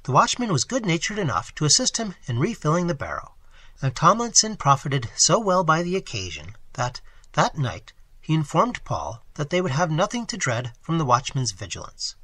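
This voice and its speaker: A man narrates a classic novel in a measured storytelling manner. His voice is bright and a little husky, with very lively swings of pitch. The sound is dry and close. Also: no echo. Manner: measured storytelling, voicing characters lightly. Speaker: audiobook reader.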